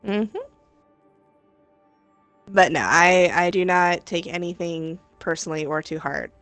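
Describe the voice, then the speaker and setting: A woman's voice: on the low side, a little slow, a bit bright, dry recording, faint music behind. A woman, streaming a game and teasing friends in giggly, casual chat.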